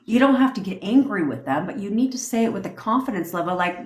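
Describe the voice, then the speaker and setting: A woman's voice: medium pitch, animated, fast talker, a little mellow. A woman coach hosting a casual livestream, talking bluntly and profanely in a commanding way. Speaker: manifestation coach hosting a live stream. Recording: roomy echo.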